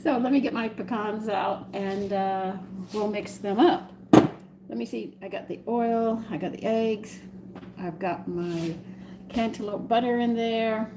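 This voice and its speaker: A woman with a Southern US accent talks her viewers through a recipe in a home kitchen. Her voice sits in a middle pitch, and she rambles in a chatty way. Clear noise runs behind her. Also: steady tone, slow pace. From American South. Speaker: home cooking host. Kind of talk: live-stream cooking demonstration.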